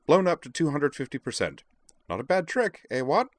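A fussy, chatty man full of breezy excuses, as a storyteller puts him on. His voice climbs high and bright, bouncing through chipper, clipped phrases in a dry, close recording. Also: very animated, moderate pace, no room sound. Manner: chipper, clipped, rising pitch.

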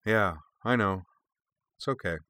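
A man's voice: fairly low pitch, a little slow, bright, forceful tone, clean tone, no echo. A man voicing an easygoing, loyal woman aide who talks in a casual, frank way.

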